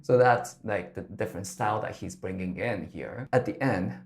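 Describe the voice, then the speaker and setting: A man's voice: on the low side, normal speed. A man coaching singing, explaining a song's phrasing and now and then demonstrating lines. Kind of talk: vocal lesson breakdown.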